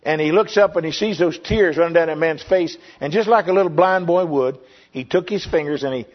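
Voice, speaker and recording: An older pastor gives an earnest sermon testimony, circling back on his words and pausing as he tells the story. His voice sits a little high for a man. The recording is dull and lo-fi. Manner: earnest storytelling with repetitions and pauses.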